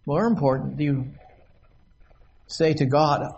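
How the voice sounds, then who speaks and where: An older man preaching a sermon from a podium in a meeting hall, slow and measured with long pauses. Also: sits high, highs cut off.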